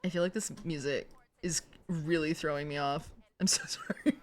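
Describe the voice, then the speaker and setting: A woman streamer with a low-pitched voice, fairly even intonation and normal speed reads a romance novel aloud to her viewers, giggling and chatting in a self-mocking way. Faint music plays in the background of this live-stream reading and chat.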